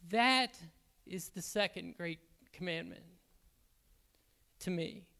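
A man speaking to a church as an elder candidate, excitable and halting, with frequent restarts. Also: high-pitched, vocal fry. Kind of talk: sermon-style church talk.

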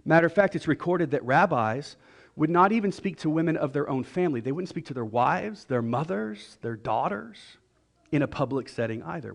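A middle-aged man preaching a sermon in a church, conversational and joking, now and then voicing the people in his stories. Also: on the high side. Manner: conversational and joking, with quick voiced asides. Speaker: pastor.

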